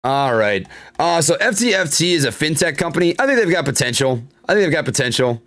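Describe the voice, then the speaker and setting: A man's voice: on the high side, very animated, fairly quick, a bit bright. A young man hosting a live stock-trading stream, commenting casually on charts, reading chat aloud and venting frustration. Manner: frustrated, reads chat aloud, swears and laughs it off.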